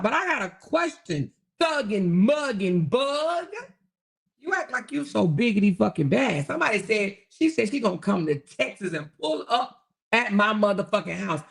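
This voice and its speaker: A woman hosting her own online talk show, delivering a loud, taunting, profanity-heavy rant. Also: on the high side, gravelly.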